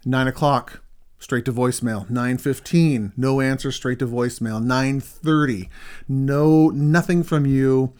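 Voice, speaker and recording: A middle-aged man, a counselor, telling a story in a casual conversation with his wife, animated when he reenacts things. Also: medium pitch, measured pace, smooth.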